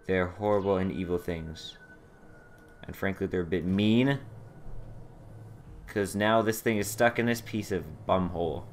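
A man's voice: deep voice, fairly even intonation, a little slow, pauses often, soft background music. A young man giving casual gameplay commentary, exasperated and sarcastic, swearing at a puzzle he can't solve. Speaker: let's play commentator.

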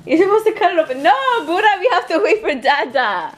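A woman's voice: very high-pitched, big pitch swings, quick pace. A woman filming a casual home vlog as a mother, playful and teasing, laughing often. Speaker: vlogger, mother.

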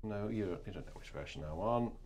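A man's voice: fairly low pitch, lively intonation, fast talker, darkish tone, a little hiss or hum. A man, an organist hosting a livestream from his home organ room, chatting casually, rambling and often interrupting himself mid-sentence. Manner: rambling, self-interrupting, distracted. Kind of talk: casual chat.

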